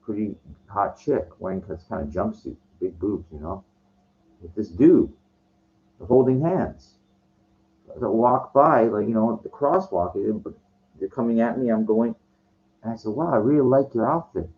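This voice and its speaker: Agitated, cursing man with a low voice. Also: unhurried, pauses often, slight background noise. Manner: profane, agitated, stumbling restarts. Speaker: vlogger. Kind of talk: casual storytelling rant. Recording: dull lo-fi recording.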